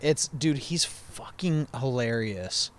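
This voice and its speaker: A man in his thirties in a relaxed, profane casual chat. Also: mid-range voice, slow, a little hiss or hum.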